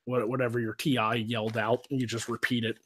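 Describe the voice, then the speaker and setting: A man's voice: mid-range voice, little pitch movement, brisk, fairly bright tone. A man hosting a live stream, telling stories in a casual, rambling way with lots of swearing. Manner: profane, rambling, laughs often. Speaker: stream host. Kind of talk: casual storytelling chat.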